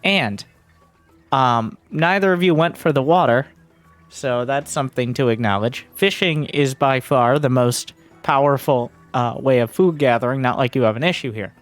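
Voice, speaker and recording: A man coaching as he reviews gameplay, blunt, sarcastic and profane. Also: mid-range voice. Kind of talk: game coaching commentary.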